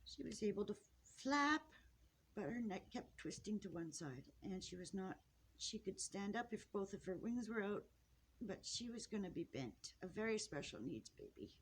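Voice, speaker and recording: A woman talks off the cuff while filming her finches at home, her voice halting and tearful, full of sighs, restarts and apologies. Her pitch sits in an ordinary middle range, and a faint hiss runs underneath the home recording. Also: expressive. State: tearful, upset. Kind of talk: casual off-the-cuff narration to camera. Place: indoors at home near a birdcage.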